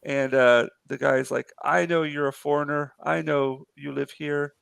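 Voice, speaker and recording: A man's voice: on the high side, little pitch movement, unhurried, vocal fry, a bit bright, clear, resonant tone, no echo. A man chatting casually on a live art stream, telling a long story with many fillers and restarts. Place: apartment in a city.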